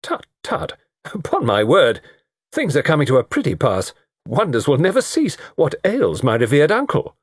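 A man voicing an irrepressible, bantering young gentleman in a storybook reading. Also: fairly high pitch, huge pitch swings, moderate pace, husky, no room sound, studio quality, voice pushed up, full character voice. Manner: bantering, theatrical.

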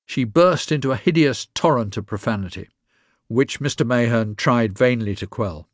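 A man reading a story aloud in a measured, even narration. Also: mid-range voice, no echo, studio quality. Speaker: reader.

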